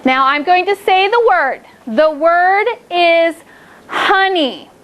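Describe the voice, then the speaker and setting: A woman teaching a phonics lesson to second graders, drawing words out slowly and praising the class often. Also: very high voice, a bit bright, slight background noise. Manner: slow, drawn-out words for children, upbeat praise.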